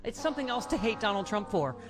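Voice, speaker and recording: A woman's voice: medium pitch, big pitch swings, quick pace, over music. A woman hosting a call-in radio talk show, chatty and wry, with lots of fillers. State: a little winded. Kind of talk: casual call-in radio banter.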